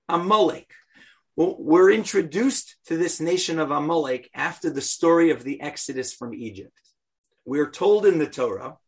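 A man teaching a scripture class, chatty and animated, joking in asides and chanting verses aloud. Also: fairly high pitch, breathy edge.

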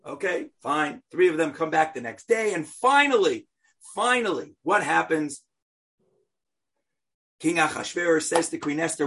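A man retells a story as a lesson, lively and playful. He keeps asking rhetorical questions. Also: on the high side, unhurried, long pauses, breathy edge.

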